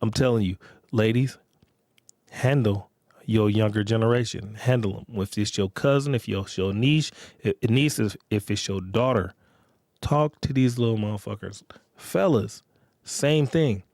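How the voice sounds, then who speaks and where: A man hosts a podcast in a fairly low, darkish voice, talking a little slowly through a casual, rambling, profane monologue. He frequently checks in with his listeners by repeating "you get what I'm saying," and the sound is clean studio audio with no room sound.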